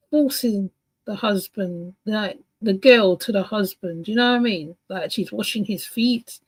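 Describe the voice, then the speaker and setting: A woman's voice: medium pitch, dry recording, low-quality recording. A woman commentating casually on a video clip, rambling and chatty. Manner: rambling, chatty, many fillers and restarts.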